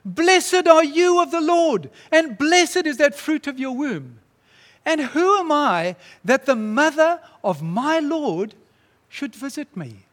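A man's voice: sits high, huge pitch swings, a little slow, few pauses, breathy edge, exaggerated voice. A man preaching voices an elderly woman crying out in solemn awe. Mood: awed. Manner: solemn, exclaiming. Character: elderly pregnant woman, awed and devout. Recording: long reverb in a large hall.

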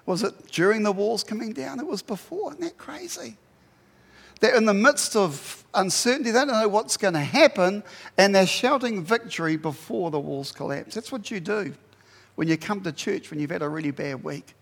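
A man preaching a sermon in a church hall, animated, swinging from loud emphasis to quiet asides. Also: sits high, normal speed. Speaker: pastor.

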